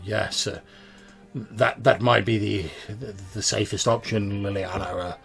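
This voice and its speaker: A plump older village alderman, voiced by a man, speaking gravely and stumbling over his words. His voice sits low and gravelly with a slow, halting delivery. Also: steady tone, a bit bright, faint music behind.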